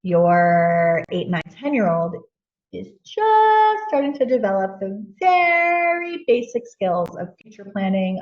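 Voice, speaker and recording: A woman's voice: medium pitch, expressive, measured pace, darkish tone. Woman, parenting talk, conversational with fillers, recorded from afar, muffled lo-fi sound. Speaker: parenting speaker. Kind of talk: casual teaching talk. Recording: echoey room, distant mic, dull lo-fi.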